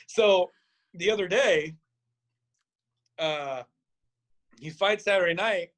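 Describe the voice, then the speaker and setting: A middle-aged boxing coach from Nebraska tells road-trip stories in a loose, casual way. His voice sits fairly high for a man, and it jumps up sharply whenever he acts out what someone said. He swears freely as he talks. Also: slow pace, long pauses. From Nebraska, USA. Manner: animated, acts out quotes with big pitch jumps, swears freely. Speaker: boxing coach, podcast guest. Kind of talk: casual storytelling.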